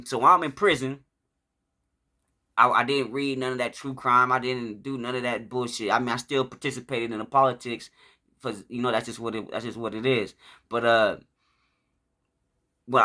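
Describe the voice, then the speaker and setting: Male storyteller, casual profane monologue, bright and sharp voice, mid pitch. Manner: profane, rambling, acts out shouts and quotes. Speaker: vlogger telling his life story.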